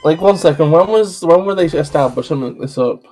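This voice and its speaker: A man's voice: fairly high pitch, animated, fairly quick, warm tone, soft background music. Rambling, opinionated male streamer. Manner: rambling, opinionated, self-correcting. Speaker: streamer co-host. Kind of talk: casual gameplay stream chat.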